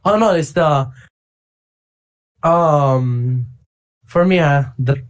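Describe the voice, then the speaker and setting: Give me an excitable man in casual gaming talk. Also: fairly high pitch, drawn-out words. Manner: excitable, animated storytelling with bursts of shouting. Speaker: podcast co-host. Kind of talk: casual chat.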